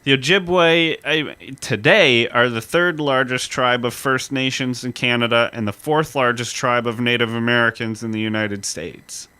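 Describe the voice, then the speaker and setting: A man's voice: mid-range voice, fairly even intonation, normal speed, few pauses, sharp tone, smooth, no room sound. A man co-hosting a casual history podcast, explaining events step by step in a storytelling way. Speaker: podcast co-host.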